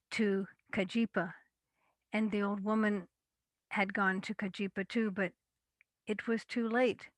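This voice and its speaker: A woman storyteller telling a folktale in a measured, deliberate way. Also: medium pitch, fairly bright tone, no room sound.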